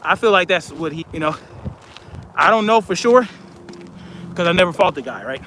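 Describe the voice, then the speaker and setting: A man's voice: high-pitched, animated, noisy background. A man hosting a live stream, chatting casually and reading out viewer comments in a blunt, conversational way. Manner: blunt, conversational, drawn-out emphasis.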